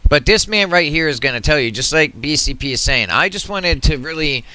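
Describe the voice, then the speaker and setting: A man's voice: a little high, animated, a little fast, pushed and bright, clear, resonant tone, dry recording. A man ranting heatedly to his viewers, agitated and repetitive, often swearing and restarting his sentences. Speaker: political commentary vlogger. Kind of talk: heated rant to camera.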